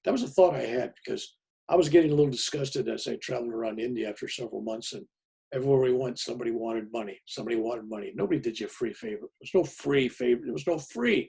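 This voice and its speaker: A man tells a personal story in a plain, folksy way. His voice is heavily gravelly and rough, and the tone stays raspy throughout. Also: mid-range voice, lively intonation, fast talker, warm tone. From United States. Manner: plainspoken and folksy, with many fillers and restarts. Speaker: pastor.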